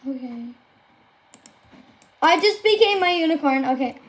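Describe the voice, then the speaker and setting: High, excitable woman gaming streamer. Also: measured pace, long pauses. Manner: gushing, excitable, squeals and exclaims often. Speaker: game streamer. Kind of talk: live gameplay commentary to viewers.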